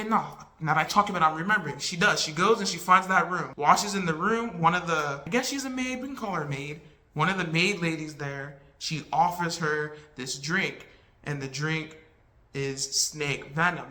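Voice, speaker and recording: A woman's voice: sits low, bright, forceful tone, echoey room. A woman casually retelling a movie plot in a rambling, chatty way, losing track and correcting herself as she goes. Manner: rambling and chatty, full of "like" and "right?"; loses track and corrects herself mid-story. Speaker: vlogger reviewing a movie. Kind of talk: casual spoken movie recap.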